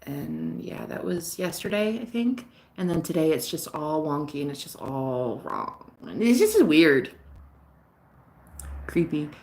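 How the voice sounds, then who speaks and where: A woman who works as a psychic reader, telling a personal story in a casual vlog, candid and lively, swearing now and then. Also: deep voice, unhurried. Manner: animated, candid, swears, laughs often.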